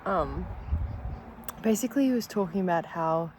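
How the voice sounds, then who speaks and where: A woman's voice: fairly low pitch, lively intonation, moderate pace, a little mellow, a little hiss or hum, low-quality recording. A woman chatting casually in a vlog at home over breakfast, candid and swearing freely, overwhelmed with emotion and laughing through near-tears. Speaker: vlogger. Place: at home during breakfast, with her dogs.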